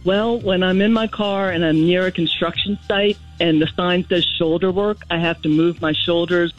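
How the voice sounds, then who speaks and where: A woman's voice: on the low side, fairly even intonation, moderate pace, lo-fi sound, soft background music. A woman phoning a morning radio show. She chats along cheerfully, amused by her own quirks. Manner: chatty, self-amused. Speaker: caller. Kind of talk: casual phone-in chat.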